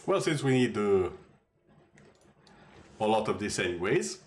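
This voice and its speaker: Relaxed joking male game streamer. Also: lowish voice, unhurried. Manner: relaxed, rambling, jokey asides to chat. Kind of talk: casual gameplay commentary.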